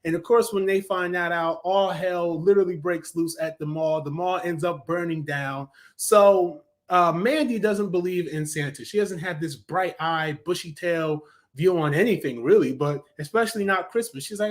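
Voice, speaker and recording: A man's voice: high-pitched, moderate pace. A young adult man giving a casual, enthusiastic spoken review of a cartoon, chatty, with frequent fillers and self-corrections.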